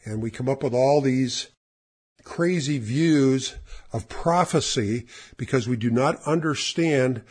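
Male Bible teacher, husky, mid-pitched, emphatic sermon delivery. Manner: emphatic, slows down to stress scripture phrases. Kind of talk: sermon-style Bible lesson. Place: church or classroom with slides.

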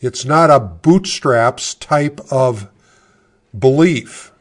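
A man preaching a sermon, reading scripture aloud and explaining it verse by verse, slowing down to stress key words. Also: mid-range voice, lively intonation. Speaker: pastor.

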